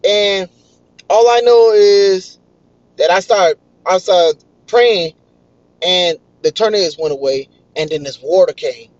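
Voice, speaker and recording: A young man, excitedly telling a story in casual vlog style. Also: high-pitched, slow pace, no echo. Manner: excitable, animated retelling. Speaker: vlogger. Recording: dull, lo-fi dry recording.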